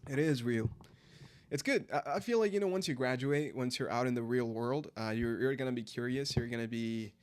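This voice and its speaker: A man's voice: mid-range voice, darkish tone, clear, resonant tone. A man, chatting casually and rambling through a late-night live stream, answering chat as he goes. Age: 20s. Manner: rambling, filler-heavy, answers chat aloud.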